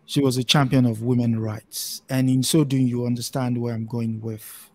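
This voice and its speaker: Male panel guest, flat steady delivery, measured. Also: medium pitch. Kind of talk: panel discussion on a podcast.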